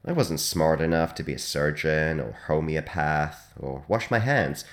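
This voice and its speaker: A man hosting a comic hospital radio show in a dry, deadpan monologue with sudden loud jumps. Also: very deep voice, unhurried.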